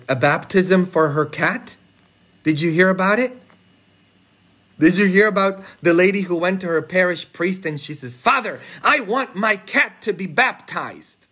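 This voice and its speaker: Priest guy on a live stream, joking around with viewers, kinda high voice. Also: a bit bright. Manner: playful, talks straight to viewers, laughs at own jokes. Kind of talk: homily on a live stream, chatty joke-telling. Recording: live social media stream.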